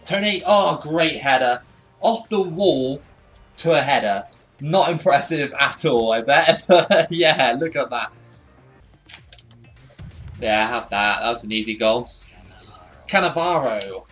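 A young man casually commenting on his gameplay, chatty and self-deprecating, laughing often and bursting out excitedly at goals. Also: medium pitch, takes it slowly, long pauses, faint music behind. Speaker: gaming YouTuber.

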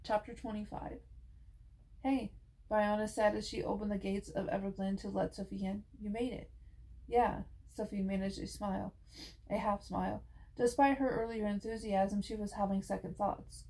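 Gravelly woman reading a novel aloud. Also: mid-range voice, little pitch movement, brisk, warm tone, rough recording. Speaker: audiobook reader.

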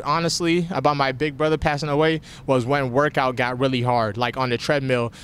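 A young man answers questions right after a fight, talking frankly and at times with a catch in his voice. His voice sits in a middle pitch. A faint rumble runs under the recording. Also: fairly bright tone. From family from Nigeria. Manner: candid, emotional, gets choked up. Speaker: fighter interviewed after a win. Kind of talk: post-fight interview.

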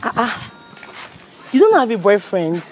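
A woman playing an excited friend in a skit, urgently pleading for calm. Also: fairly high pitch, measured pace, background noise. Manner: urgent, repetitive pleading, laughing, shouting. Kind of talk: scripted prank skit.

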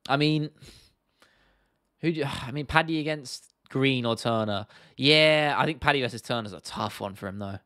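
A man's voice: mid-range voice, normal speed, bright, forceful tone, clear, resonant tone, no echo, studio quality. A man hosting a casual livestream Q&A. He rambles a little and answers viewer questions directly and bluntly. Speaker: host.

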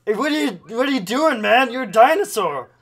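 A man voicing a brash, silly male T-rex puppet on a webcam video chat, gravelly and rowdy, shouting and making mouth noises. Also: very high voice, lively intonation, fairly quick, heavily acted. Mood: goofy.

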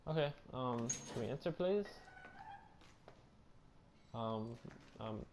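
A young man doing casual let's-play commentary on a horror game, loud, joking and slangy. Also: mid-range voice, animated, slow pace, slight background noise. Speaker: gameplay streamer.

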